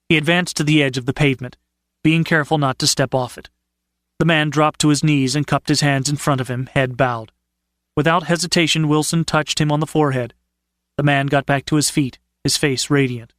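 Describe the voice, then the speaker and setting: Man, audiobook narrator, measured storytelling, fairly high pitch, dry sound. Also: steady tone, a bit bright, dry recording. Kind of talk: scripted narration.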